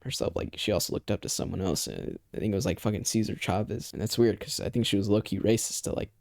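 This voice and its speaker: A man's voice: fairly low pitch, expressive, fast talker, gravelly, darkish tone, dry recording, studio quality. A young man telling a personal story in a loose, rambling way, swearing often and leaning on filler phrases. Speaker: vlogger. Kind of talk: casual storytime.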